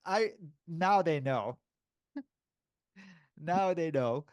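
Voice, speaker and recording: A man's voice: a little high, lively intonation, very slow, a little mellow, no room sound. A man co-hosting a podcast, telling funny stories in a casual chat, laughing often and acting out other people's voices. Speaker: podcast co-host.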